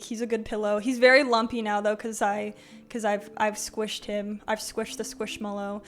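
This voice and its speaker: A woman's voice: medium pitch, little pitch movement, fairly quick, faint music behind. A young woman live-streaming, chatting casually with her viewers, with lots of "like" and "um", frequent giggles and greetings to chatters by name.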